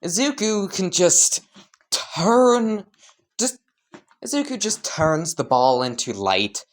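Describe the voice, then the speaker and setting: A woman casually narrating a fan story, rambling, laughing and swearing freely. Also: rumbling low.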